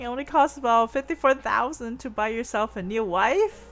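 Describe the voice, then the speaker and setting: A woman's voice: fairly high pitch, brisk, few pauses, faint music behind. A woman streamer chatting casually with viewers, reading their messages, rambling with lots of fillers, teasing, and giggling often.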